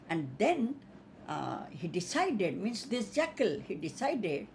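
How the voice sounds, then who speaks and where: A woman storyteller telling a fable in an unhurried way, with many fillers and restarts. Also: medium pitch, darkish tone, a little hiss or hum.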